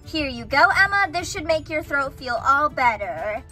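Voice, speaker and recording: A woman playing the mommy in a doll play, talking gently and reassuringly. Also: sits high, big pitch swings, normal speed, soft background music.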